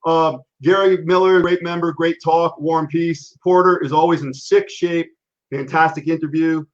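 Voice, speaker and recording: A man's voice: a little high, steady tone, moderate pace, lo-fi sound. A man in his fifties hosting a casual live stream chat, talking in a chatty way and breaking off to read viewer comments.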